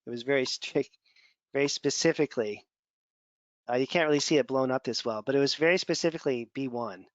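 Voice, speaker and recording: Male instructor, mid-pitch, chatty digressive lecture, dry and muffled audio. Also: a little fast, no echo. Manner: conversational, digressive, repeats words while thinking. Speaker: functional medicine instructor. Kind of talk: casual lecture over slides. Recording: dull, dry lo-fi sound.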